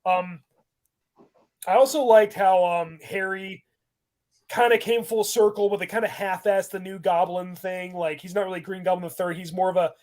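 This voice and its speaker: A man's voice: high voice, fairly even intonation, normal speed, darkish tone. A man hosting a casual podcast, rambling animatedly about films and laughing often as he talks. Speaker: podcast host.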